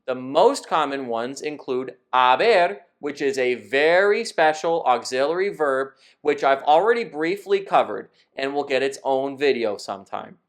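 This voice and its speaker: A man teaching Spanish in a scripted lesson, explaining verb rules in a clear, methodical way. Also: mid-range voice, animated, unhurried, few pauses.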